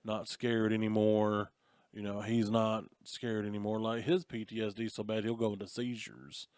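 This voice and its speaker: Guy on a podcast going through a movie plot all excited, kinda low voice, dry close sound. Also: moderate pace, clean tone, no room sound. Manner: animated retelling of a movie plot, slips into voices of characters. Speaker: podcast co-host. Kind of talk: casual chat.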